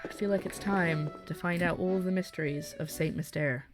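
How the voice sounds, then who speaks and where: A woman's voice: lowish voice, moderate pace, music in the background. A young woman streamer giving casual, chatty commentary while playing a game, often giggling and cutting herself off mid-sentence. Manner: chatty, giggly, self-interrupting.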